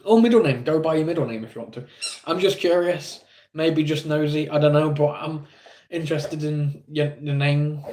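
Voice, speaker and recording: A man's voice: fairly high pitch, moderate pace, hardly any pauses, darkish tone, a little hiss or hum. A man with an English accent streaming live, chatting casually with viewers in a rambling, self-deprecating way.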